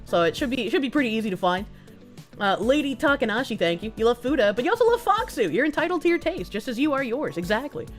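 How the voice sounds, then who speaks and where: A woman hosting her own livestream, chatting loosely with viewers and thanking them for donations. Her voice sits a little high and leaps around with animated inflection, salted with swearing and laughter. Soft music plays faintly behind her. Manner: lively, swears freely, quick laughs. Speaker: streamer. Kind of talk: casual livestream chat, reading donations.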